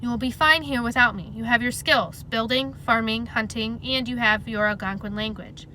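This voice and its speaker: Woman doing a hoarse wounded captain, grave, hushed, halting, storybook reading. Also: on the high side, a little hiss or hum, rough recording. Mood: grave, weary. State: hoarse whisper. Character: wounded weary male colonial captain.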